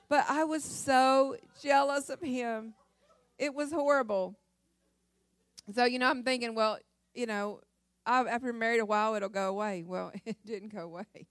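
A woman's voice: a little high, normal speed, no echo. A middle-aged woman giving a humorous testimony sermon, acting out her own cries and often laughing. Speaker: pastor's wife and speaker.

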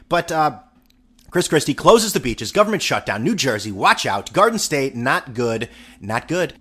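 Lively sarcastic male podcast host. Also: mid-range voice, normal speed, breathy edge. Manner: sarcastic, rambling, profane. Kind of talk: casual monologue.

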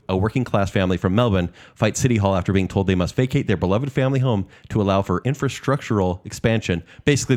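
A man with a fairly low voice talks through things on a podcast. He explains in an easy, relaxed way. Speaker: podcast co-host. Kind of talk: casual chat.

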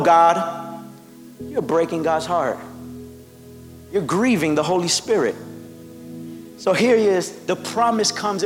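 A high-pitched male pastor delivers a sermon in a church, his voice carrying a long hall reverb over soft background music. He tells the story in an easy, conversational way, acting out quotes, then climbs into loud, shouted emphasis. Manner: preaching with rising shouts and acted-out quotes. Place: church sanctuary.

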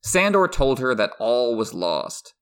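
A man co-hosting a podcast, reading prepared literary analysis in a measured way. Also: mid-range voice, very animated, a bit bright, clear, resonant tone. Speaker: podcast co-host.

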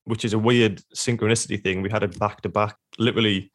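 A man's voice: lowish voice, little pitch movement, quick pace. A man co-hosting a podcast in casual chat, easygoing, often adding tag questions and filler words. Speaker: podcast co-host.

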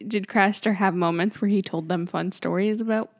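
A woman's voice: medium pitch, steady tone. Giggly woman recapping a show. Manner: giggly, quotes characters in quick asides. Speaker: podcast co-host. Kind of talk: casual recap chat.

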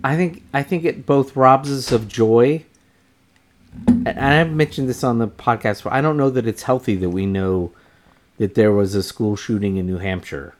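A man co-hosting a casual podcast, talking in a calm, reflective way and thinking aloud. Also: medium pitch, moderate pace, background noise. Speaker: podcast co-host.

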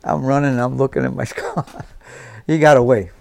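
With a creaky, darkish medium-pitched voice, a man in his seventies recounts his war experiences as a veteran guest, vividly acting out the dialogue. He holds a steady tone at normal speed, and the recording is dry.

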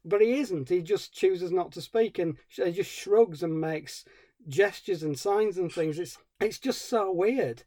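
A man's voice: high-pitched, measured pace, warm tone, no echo, clean studio sound. A man co-hosting a film podcast, ranting about a movie in a wry, sarcastic way. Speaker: podcast co-host. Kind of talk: casual film review chat.

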